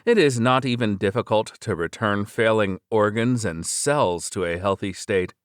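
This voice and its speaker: Deep-voiced man reading a novel, dry sound. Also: normal speed, clean tone, no echo. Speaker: audiobook narrator. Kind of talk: scripted narration of a web novel.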